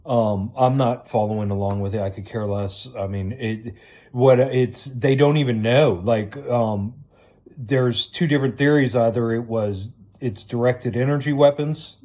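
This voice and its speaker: A man talking to his viewers in a rambling casual monologue, halting often with ums and restarts, and swearing casually. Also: medium pitch, mellow. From Virginia, United States. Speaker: video creator.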